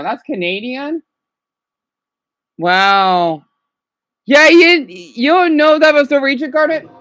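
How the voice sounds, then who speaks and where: A woman streamer with a mid-range voice chats casually, reacting to songs and addressing her viewers by name. She's excitable, and the recording is rough.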